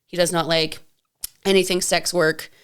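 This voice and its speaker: A woman's voice: fairly low pitch, level tone, moderate pace, clean tone. A woman co-hosting a podcast, chatting casually and telling stories, often acting out what other people said. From Canada. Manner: chatty storyteller, acts out quotes. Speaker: podcast co-host. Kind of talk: casual chat.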